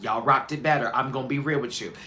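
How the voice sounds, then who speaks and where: A man hosting a live show, giving sassy, animated, candid commentary in a casual chat. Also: mid-range voice, fast. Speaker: host.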